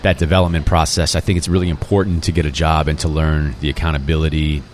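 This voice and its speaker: A man in his forties with a strikingly low, deep voice talks through his story as a restaurant owner. He is relaxed and reflective, full of fillers and restarts. A faint noise sits behind him. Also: quick pace. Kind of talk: casual interview conversation.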